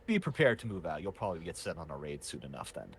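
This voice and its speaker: A man doing a low-voiced gruff camp guard. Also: big pitch swings, fast, slight background noise, heavily acted. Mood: warning.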